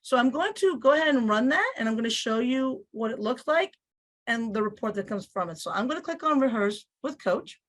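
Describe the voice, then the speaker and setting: A woman teacher with a Spanish accent and a slight lisp, explaining a software tool step by step. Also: on the high side, animated, a little fast. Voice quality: slight lisp on some words. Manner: explanatory, repeats phrases, voices on-screen prompts. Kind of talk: instructional screen-share walkthrough.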